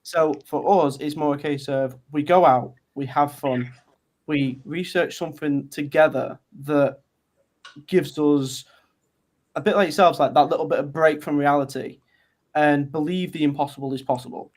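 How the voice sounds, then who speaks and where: A British man, a guest on a podcast, talking in a relaxed, hesitant way with many pauses. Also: a little high. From Britain. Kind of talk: casual podcast chat.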